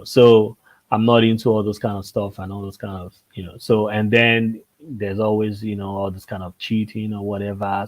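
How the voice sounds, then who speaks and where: A man's voice: lowish voice, rough recording. Chatty man making his point on a panel. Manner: animated, repeats phrases and asks "see what I'm saying?". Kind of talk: casual panel discussion.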